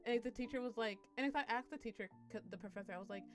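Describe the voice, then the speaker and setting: A woman's voice: fairly high pitch, racing, soft background music. A young woman streamer chatting casually on a live stream, rambling, swearing and laughing as she talks.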